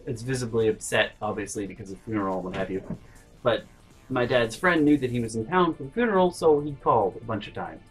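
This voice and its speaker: A man's voice: mid-range voice, fast, soft background music, low-quality recording. A man hosting a storytime vlog, rambling and interrupting himself, dropping to mutters. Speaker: vlog host.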